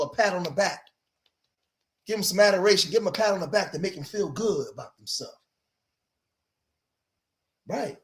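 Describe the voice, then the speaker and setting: Man hosting a livestream, fairly high voice, preachy, emphatic, repeats himself. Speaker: streamer and commentator. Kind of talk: livestream commentary.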